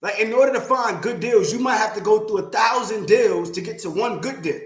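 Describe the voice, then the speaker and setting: A man's voice: high-pitched, fairly quick, faint music behind. Blunt, emphatic man in an echoey room. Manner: blunt, emphatic, repeats points. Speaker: real estate investor and mentor. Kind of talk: livestream talk.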